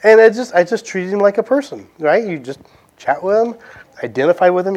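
A man's voice: a little high, lively intonation, fairly quick. Chatty southern preacher man. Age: adult, past his teens. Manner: conversational, asks many rhetorical questions. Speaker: pastor. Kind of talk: sermon with closing prayer.

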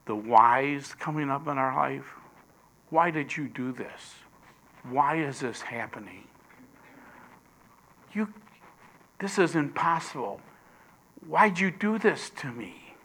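Slow, bright-voiced male preacher. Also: a little high, lively intonation. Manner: swings between loud emphasis and hushed whispers. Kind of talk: sermon.

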